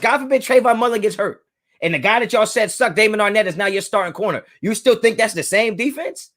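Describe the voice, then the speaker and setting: A man's voice: high-pitched, fairly quick, a bit bright. A man hosting a live sports fan stream, talking casually and emphatically to his chat and repeating his points. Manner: talks to his chat directly. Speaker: sports fan livestream host.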